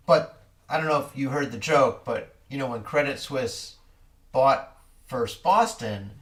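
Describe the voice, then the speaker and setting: A man's voice: mid-range voice, a bit bright. A man giving casual market commentary in a rambling, wry way with corny jokes, a little distant from the mic.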